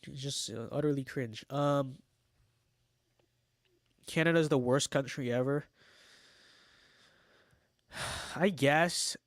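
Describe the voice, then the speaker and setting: A man's voice: mid-range voice, slow, pauses often, no room sound, studio quality. A young man from Los Angeles hosting a casual livestream, reading chat messages aloud and answering them in a wry, sarcastic, mock-boastful way. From Los Angeles, United States.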